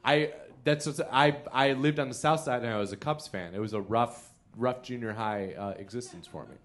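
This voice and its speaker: A man's voice: medium pitch, moderate pace. A man from the Chicago area telling comic stories as a podcast guest, laughing often and running self-deprecating. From Chicago area, Illinois. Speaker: comedian guest. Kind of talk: live podcast storytelling. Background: loud noises from a neighboring bowling alley.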